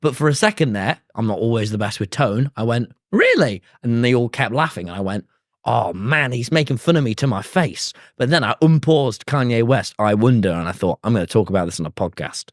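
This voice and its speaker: A young British man co-hosting a podcast, telling stories with animated quoted voices. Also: mid-range voice, a little fast, dry recording, studio quality. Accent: British English. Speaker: podcast co-host. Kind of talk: casual podcast chat.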